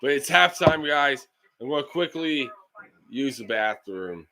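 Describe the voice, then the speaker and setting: A frustrated man on a sports live stream, venting and swearing at his team's mistakes. He speaks slowly, with a bright, tense edge to his voice. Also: medium pitch, expressive. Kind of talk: live-stream game reaction.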